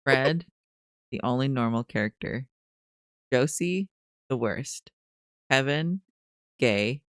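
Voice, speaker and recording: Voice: medium pitch, expressive, slow pace, fairly bright tone, no echo. A podcast co-host in casual chat, giving dry, blunt one-word summaries of characters.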